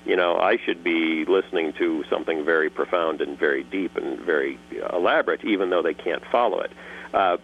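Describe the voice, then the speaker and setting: A man answering interview questions in a casual, joking way, lively and quick to slip into voices. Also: low voice, highs cut off. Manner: animated, jokey, slips into character voices. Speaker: guest voice actor and creator.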